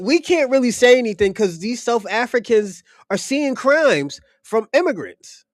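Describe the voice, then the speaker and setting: A man's voice: very high voice, no room sound, clean studio sound. A young man talking bluntly and heatedly in a casual podcast discussion, swearing and repeating his points. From United States. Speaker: podcast host.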